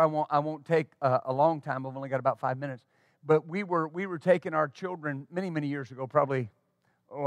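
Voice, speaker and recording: A middle-aged man preaching to a church, spinning a folksy, animated story with plenty of restarts. His voice sits high for a man. The sound is dry and close, with little room echo. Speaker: pastor. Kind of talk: storytelling sermon.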